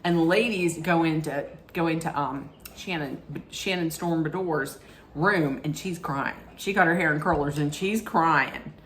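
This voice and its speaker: A middle-aged woman recapping a reality show in a casual, rambling way, often correcting herself mid-sentence and throwing in animated asides. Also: low-pitched, measured pace, slight background noise. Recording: echoey room with faint ambience.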